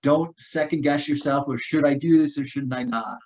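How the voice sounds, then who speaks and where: A man's voice: fairly high pitch, moderate pace, darkish tone, low-quality recording. Casual man teaching conflict de-escalation. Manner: casual, many fillers and restarts. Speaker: guest speaker on personal safety. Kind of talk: informal talk.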